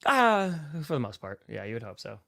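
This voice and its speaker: Upbeat man, lively chat. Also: medium pitch, fairly quick, creaky. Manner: upbeat, jokey banter. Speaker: podcast co-host. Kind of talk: casual sports chat.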